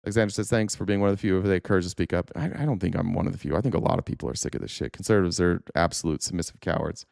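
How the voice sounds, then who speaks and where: A man's voice: low voice, very fast, creaky, few pauses, darkish tone, dry recording, clean studio sound. Furious, cursing man on a live stream. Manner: angry, profane ranting with sarcastic mock quotes. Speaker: political talk show host. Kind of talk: live-stream commentary, answering chat.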